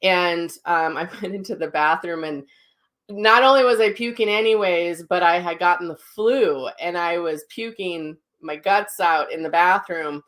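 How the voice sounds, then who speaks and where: Candid, rambling woman host, slightly low voice. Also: measured pace, fairly bright tone. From Minnesota. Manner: candid, rambling, with frequent fillers and self-corrections. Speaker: psychic medium host. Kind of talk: casual personal talk.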